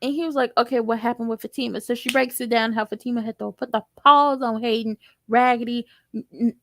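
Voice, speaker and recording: Sassy high-voiced young woman recapping TV. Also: fairly quick, a little hiss or hum. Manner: sassy, joking, animated storytelling. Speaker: tv recap vlogger. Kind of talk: casual TV episode recap.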